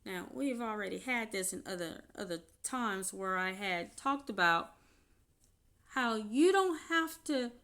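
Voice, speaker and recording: A woman vlogger with a medium-pitched, somewhat bright voice tells a personal story at a measured pace, sounding animated. Unscripted and chatty, she laughs often between sentences and fills her speech with fillers and restarts.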